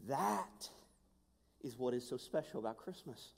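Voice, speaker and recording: A man preaching a sermon and telling a personal story, swinging between hushed and raised voice with passion. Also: mid-range voice, lively intonation, unhurried, creaky. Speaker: pastor. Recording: long hall reverb with music behind.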